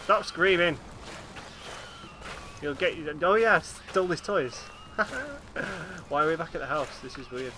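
A man recording let's play commentary on a horror game, swearing and yelling when startled and reading in-game notes aloud in a flat voice. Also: a little high, takes it slowly, pauses often, slight background noise. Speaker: gaming channel host.

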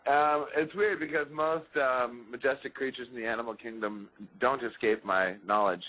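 A man's voice: mid-range voice, steady tone, moderate pace. A man guest joking and rambling in a casual phone interview. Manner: joking, rambling, laid-back. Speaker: musician guest. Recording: tinny phone line.

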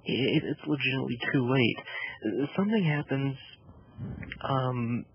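Husky man ranting about a film. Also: medium pitch, a little slow. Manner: animated, ranting, mimics voices. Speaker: podcast co-host. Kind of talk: casual film review chat. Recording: dull lo-fi podcast audio.

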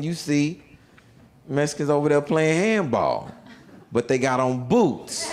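A man doing stand-up, telling a prison story and acting out the other characters in a deep voice. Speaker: stand-up comedian. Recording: stand-up set played back with audience noise. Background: audience laughter.

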